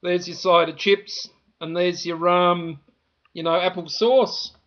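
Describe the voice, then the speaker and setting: A man's voice: high-pitched, flat delivery, takes it slowly, highs cut off. A man from Australia with an Australian accent, rambling indignantly to camera about a complaint, with lots of "you know" fillers. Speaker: vlogger.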